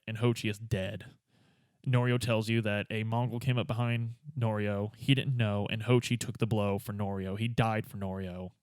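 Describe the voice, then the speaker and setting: A man hosting a podcast, retelling a game's story in an animated, casual way. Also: mid-range voice, clean tone, dry recording. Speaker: podcast host.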